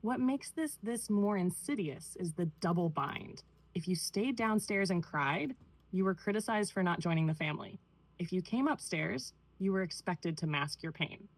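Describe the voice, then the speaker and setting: A synthetic woman's voice giving a measured, clinical analysis in the manner of a therapist. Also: fairly low pitch, animated, rough recording. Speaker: AI therapist-style responder. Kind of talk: clinical analysis read aloud.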